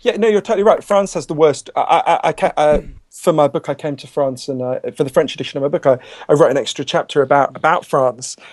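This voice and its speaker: Author guest, man, slightly raised pitch, has a cold, frank and intense. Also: fast talker, few pauses. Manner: passionate, candid, with frequent restarts. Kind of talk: conversational interview.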